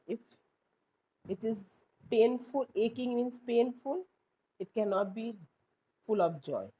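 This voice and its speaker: A woman, teaching a class and explaining slowly with rhetorical questions. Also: fairly high pitch, mellow, slightly rough, low-quality recording. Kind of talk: classroom lesson.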